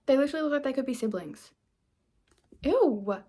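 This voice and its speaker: Woman, nineteen, book vlogger, casual chat, rambling, giggly asides, slightly high voice. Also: lively intonation, normal speed, mellow.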